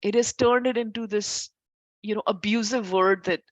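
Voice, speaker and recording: Here an Ayurveda teacher talks to her class at a normal speed, her mid-range voice holding a steady tone. She is chatty and informal, frequently correcting herself and addressing her students warmly on the side. No echo is heard.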